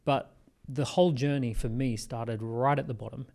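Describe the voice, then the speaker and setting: Animated Australian man telling business stories. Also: mid-range voice, vocal fry. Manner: animated storyteller, quick asides and restarts. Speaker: podcast guest, entrepreneur. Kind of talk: conversational interview.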